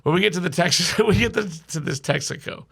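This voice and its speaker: A man guesting on a comedy podcast, telling a story in a profane, animated way and laughing between his sentences. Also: sits high, fairly quick, gravelly, husky. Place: podcast studio.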